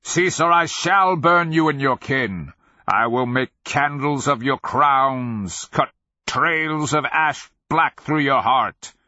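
Brief: man playing a furious old wizard, shouted slow threats, storybook reading, dull lo-fi sound. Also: mid-range voice, lively intonation, no echo, voice pushed up. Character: raging old male wizard, proud and vengeful. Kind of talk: audiobook character voice.

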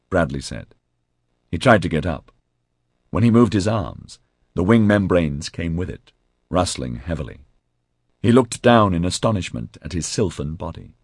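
A man with a husky voice narrating an audiobook in an expressive storytelling way. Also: low voice, a little slow, no room sound, clean studio sound.

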